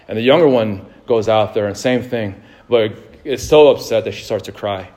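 A male pastor delivering a sermon, moving between fervent exhortation and calm storytelling, with frequent fillers and repeated words. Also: fairly low pitch, brisk. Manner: rising fervor, then a calm storytelling tone.

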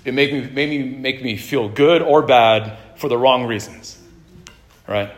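A man preaching a sermon in a relaxed, conversational way, with jokes and asides to the congregation. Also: medium pitch, measured pace. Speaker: pastor. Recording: echoey room.

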